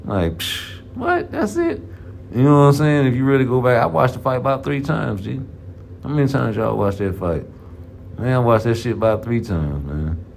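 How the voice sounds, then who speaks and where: Boxing vlogger: gravelly man, rambling and profane, slang-heavy trash talk, faint hiss behind. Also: medium pitch, brisk, darkish tone. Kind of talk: casual trash-talking commentary.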